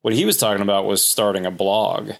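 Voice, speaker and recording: A man with a fairly low voice chats as a podcast guest. He tells rambling stories in a relaxed, conversational way and slips into quick acted-out quotes. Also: creaky. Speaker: guest, home builder. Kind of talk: casual podcast storytelling.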